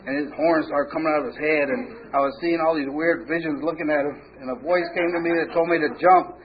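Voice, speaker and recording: A man's voice: a little high, fairly even intonation, a little fast. A man telling a rambling, humorous story of his own past, acting out the quoted dialogue. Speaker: speaker sharing a recovery story. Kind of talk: storytelling testimony. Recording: muffled lo-fi recording with faint hiss.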